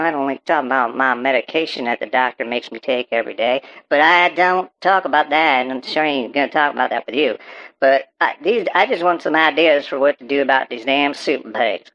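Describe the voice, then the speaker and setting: Brisk and fairly bright in tone, this medium-pitched voice sounds close to everyday speech. A performer portrays a paranoid rural farmer interviewed on a call-in show, ranting, stammering, and rambling profanely about super pigs; the audio is dull and muffled.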